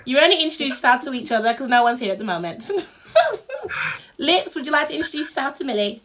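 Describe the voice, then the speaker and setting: A bubbly British woman hosts a casual live stream, laughing often and humming filler tunes. Her voice is high and bright, with a lively, swooping melody. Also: fairly quick, slight background noise. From United Kingdom. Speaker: livestream host.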